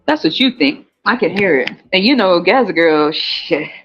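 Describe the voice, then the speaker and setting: A podcast host from the US West Coast in a casual monologue, animated and profane, laughing often and jumping up in pitch. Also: moderate pace. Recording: slightly muffled, faint music.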